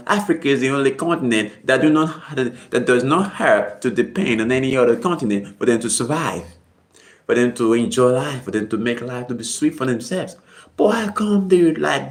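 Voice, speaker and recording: A man vlogging casual commentary, rambling and repeating himself as he swings from low muttering to sudden high exclamations.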